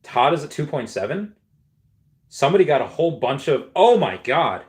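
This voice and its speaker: A man's voice: on the high side, sing-song, normal speed. A man hosting a casual livestream, rambling with many restarts and reading viewer comments aloud before reacting to them. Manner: rambling, with frequent restarts and fillers. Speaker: livestream host.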